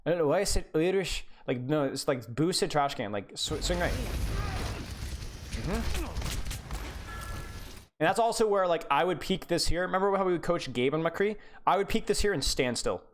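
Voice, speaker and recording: Sarcastic, lively streamer coaching gameplay. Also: mid-range voice, moderate pace, long pauses. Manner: sarcastic, blunt critique with many repeated words. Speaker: game coach. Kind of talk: live-streamed gameplay review.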